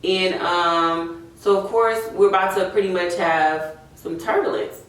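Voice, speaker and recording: A young woman tells a story in animated, chatty talk, saying "y'all" a lot while she does her makeup. Her voice sits a little low. It sounds distant and bounces around an echoey room. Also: unhurried. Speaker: beauty vlogger. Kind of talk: casual storytime chat while doing makeup.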